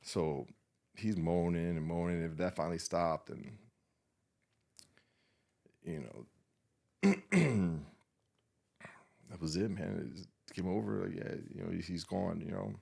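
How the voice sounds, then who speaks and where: Very deep, gravelly man recounting trauma. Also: darkish tone. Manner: halting, many restarts and fillers, swears often. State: emotionally shaken, subdued. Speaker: podcast guest, war veteran. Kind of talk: emotional personal storytelling.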